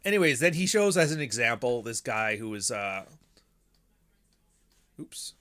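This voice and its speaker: A man hosting a casual commentary monologue, talking bluntly with frequent swearing and animated asides. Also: mid-range voice, measured pace. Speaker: podcast host.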